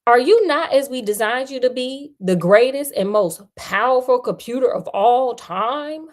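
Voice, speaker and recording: A worried programmer presses his point anxiously and insistently, read by a woman. The reading moves at an unhurried pace. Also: fairly high pitch, expressive. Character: worried male computer programmer.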